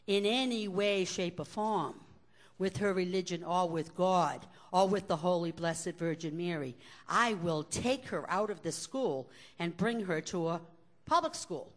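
A furious father lays down the law, his voice dropped low, slow and heavy with threat, as a woman storyteller puts him on. He speaks in measured, commanding beats. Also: lightly acted. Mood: stern threat. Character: stern, furious immigrant father laying down the law.

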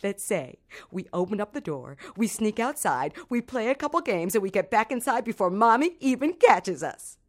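A woman voicing a mischievous little boy mouse who hatches a sneaky plan in a hushed voice. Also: mid-range voice, very animated, moderate pace. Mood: scheming.

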